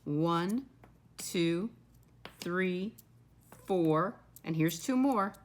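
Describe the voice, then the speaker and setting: A woman teaching a first-grade lesson. She talks to the children in a patient, encouraging way and counts aloud slowly and clearly. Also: fairly low pitch, expressive, a little hiss or hum. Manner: patient, encouraging, often says "my friends". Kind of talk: recorded classroom lesson.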